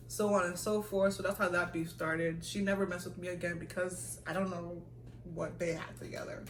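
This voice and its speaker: A young woman from the United States telling a story in a casual vlog Q&A, animated and quick to laugh. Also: on the low side, echoey room, far from the mic, a little hiss or hum, rough recording. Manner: animated, acts out quoted voices, laughs often. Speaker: vlogger.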